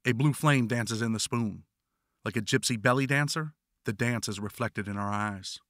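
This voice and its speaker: A man reads his own memoir aloud in a blunt, wry voice, with a bright, forceful tone. The recording is close and dry, with no room echo. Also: mid-range voice, moderate pace. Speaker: author narrating his memoir. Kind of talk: audiobook memoir narration.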